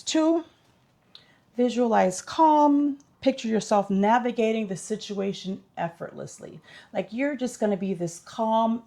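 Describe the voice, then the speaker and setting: A woman's voice: medium pitch, gravelly, mellow. A woman vlogger giving casual tips in an upbeat, chatty, instructive way.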